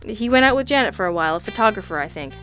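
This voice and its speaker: A woman's voice: mid-range voice, lively intonation, rapid-fire, fairly bright tone, faint music behind, lightly acted. A woman voicing a nervous, defensive middle-aged male city official who stammers. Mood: anxious.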